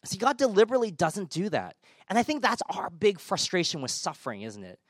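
A man's voice: high-pitched, wildly swooping pitch, a little fast, dry recording, studio quality. Man preaching a casual, joking sermon. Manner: informal, self-deprecating humor, many fillers. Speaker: pastor. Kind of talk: conversational sermon.

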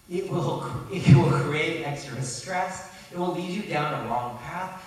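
Man, sermon, somewhat high voice, earnest storytelling, roomy hall, mic at a distance. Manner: storytelling, earnest, self-correcting asides. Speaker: preacher.

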